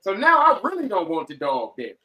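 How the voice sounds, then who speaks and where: A man on a podcast telling a story casually, animated and profane, acting out what people said. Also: sits high, brisk, muffled recording. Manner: animated, profane, acts out quoted lines. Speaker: podcast guest.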